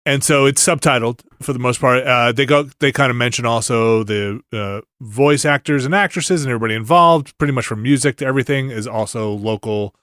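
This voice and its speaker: A man's voice: mid-range voice, brisk, few pauses, fairly bright tone, no echo, studio quality. A man hosting a casual podcast, joking and laughing through an ad read. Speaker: podcast host.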